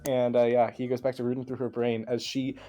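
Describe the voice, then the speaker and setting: A man's voice: mid-range voice, flat delivery, brisk, mellow. A man narrating as game master in a tabletop game, casual and profane, with faint music behind.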